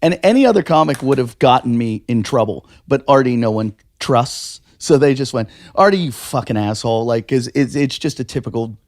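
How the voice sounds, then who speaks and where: A man telling stories on a podcast in casual, animated chat. He swears freely and bursts into the voices of the people he quotes. The sound is close and dry, with no room around it. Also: mid-range voice, fairly quick, hardly any pauses, dry recording. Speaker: podcast co-host.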